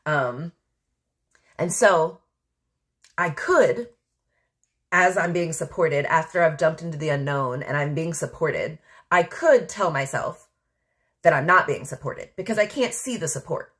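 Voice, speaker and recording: A woman with a lowish voice talks solo on her podcast in a loose, reflective way. She rambles candidly and leans heavily on filler words as she thinks aloud. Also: expressive, measured pace, pauses often, fairly bright tone. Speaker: podcast host. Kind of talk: casual reflective monologue.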